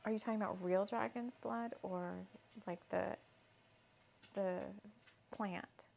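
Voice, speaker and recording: A woman's voice: medium pitch, fairly even intonation, takes it slowly, vocal fry, darkish tone, a little hiss or hum. A woman hosting a casual spiritual craft session, chatty and giggling often as she repeats her ingredient list aloud. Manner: giggly, laughs often mid-sentence. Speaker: host.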